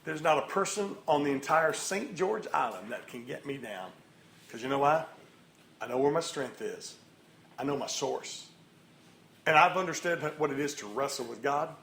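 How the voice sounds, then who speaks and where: A man giving an energetic motivational sermon at a morning meeting, rallying the crowd with loud bursts. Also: mid-range voice, moderate pace, vocal fry, slight background noise. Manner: lively, rallying crowd, sudden loud outbursts. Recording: echoey room, faint ambience.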